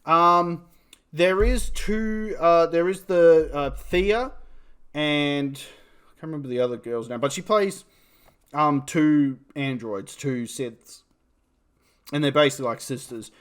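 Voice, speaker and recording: Slow and clean-toned, his fairly bright, higher-pitched voice carries a New Zealand accent as he talks through a film review. The talk is rambling and casual, with swearing and self-directed laughter.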